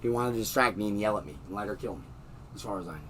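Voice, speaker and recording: A man's voice: on the low side, lively intonation, rapid-fire, fairly bright tone, recorded from a distance, a little hiss or hum, poor audio. A man in a heated, swearing rant about his landlord, recorded in his bedroom. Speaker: tenant in a dispute. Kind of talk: angry rant to camera. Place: bedroom at home.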